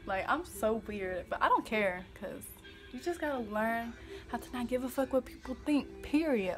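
A woman's voice: a little high, lively intonation, normal speed. A young woman from Kansas City, Missouri, vlogging casually to the camera in a sassy, goofy, emphatic way, swearing freely. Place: home. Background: faint music playing.

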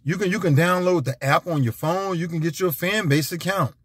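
A man's voice: a little high, a little fast, breathy edge, no echo, clean studio sound. A man giving an emphatic, repetitive, preachy monologue as a vlogger. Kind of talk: casual ranting monologue.

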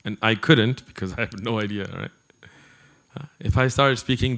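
A man giving an animated religious lecture to a live audience, talking conversationally and turning to the listeners with asides. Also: mid-range voice, fairly quick. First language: not Arabic. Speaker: Islamic preacher.

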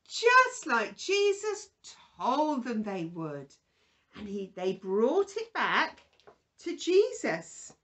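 A woman presenting a children's Bible story, gently asking a puppet questions in a sing-song way. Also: sits high.

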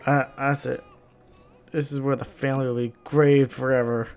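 A man giving excited gameplay commentary, exasperated and shouting at the characters on screen. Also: mid-range voice, normal speed, clear, resonant tone, faint music behind. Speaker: gaming channel host.

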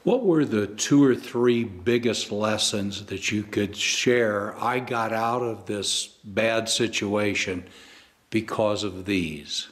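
A man conducts an interview, asking his questions slowly and deliberately. His voice is somewhat low and unhurried.

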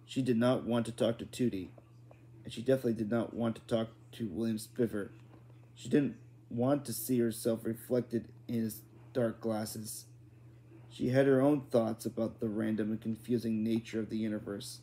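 A man's voice: lowish voice, fairly even intonation, normal speed, mellow. A man reading a children's book aloud in an unpolished style, often restarting and correcting words. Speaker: reader.

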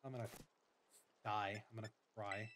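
A young man streaming a game, commenting in an excitable, gushing way with swearing and dramatic self-mockery. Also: on the low side, moderate pace, a little hiss or hum. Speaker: gaming streamer. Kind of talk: let's play commentary.

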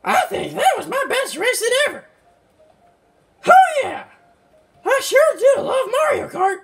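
A man voicing a hyper, boastful little male mushroom kart racer with a squeaky voice and a slight southern twang, excitable and yelping at every mishap during game commentary. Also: measured pace, vocal fry, soft background music, full character voice. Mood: triumphant. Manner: excitable, yelps and complains at mishaps. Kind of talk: let's-play game commentary in character.

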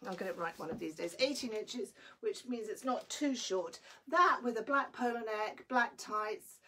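Her medium-pitched voice is husky with a sharp tone, and she keeps a moderate pace. She's an online clothing seller on a live stream, a little breathless, chatting eagerly and greeting viewers by name.

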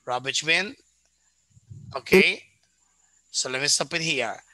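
Male English teacher, slightly higher voice, patient and repetitive, explaining pronunciation. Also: bright, forceful tone, dry recording, low-quality recording. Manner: patient, repeats words back, explains pronunciation slowly. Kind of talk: online one-to-one lesson.

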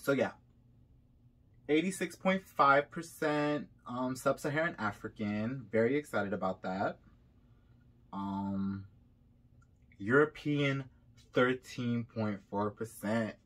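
A man's voice: medium pitch, takes it slowly, pauses often, a bit bright. A young Haitian-American man vlogging casually, reading results aloud with chatty asides while a bit sick. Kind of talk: casual vlog reaction.

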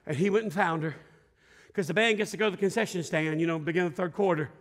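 A middle-aged man preaching a sermon, telling a story with lively shouts and laughter. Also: high-pitched, fast. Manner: animated storyteller, acts out scenes with shouts and laughter. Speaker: pastor. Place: large church sanctuary. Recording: long hall reverb.

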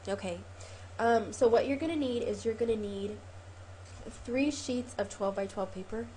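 A woman's voice: fairly high pitch, normal speed, dark tone, slight background noise. A woman hosting a casual craft tutorial, chatty and rambling with frequent ums and self-corrections, a little sniffly from a cold. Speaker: craft video host.

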